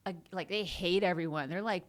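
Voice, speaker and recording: A woman's voice: lowish voice, brisk. A woman comedian co-hosting a podcast, telling stories in loose, profane casual chat. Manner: loose and profane, animated storytelling. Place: comedy club.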